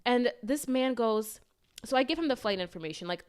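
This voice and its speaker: Animated, foul-mouthed young woman telling a story. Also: fairly high pitch, a little fast, clear, resonant tone. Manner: swears freely, animated, lots of fillers. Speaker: podcast co-host. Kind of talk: casual storytelling chat.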